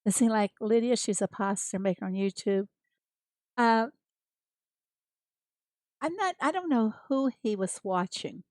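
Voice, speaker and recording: A woman's voice: on the high side, a little slow, pauses often, darkish tone, dry recording. An American woman chatting casually with viewers as she streams a farming game, greeting them by name and laughing often. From United States. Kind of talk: casual livestream chat.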